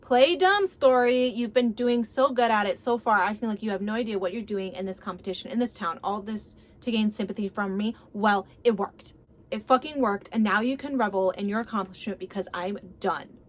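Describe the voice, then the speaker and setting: A woman's voice: medium pitch, fairly even intonation, a little fast, close to an everyday voice. A woman voicing a bitter, swearing young man who accuses a woman of betraying him. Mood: bitter, accusing. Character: angry heartbroken young man.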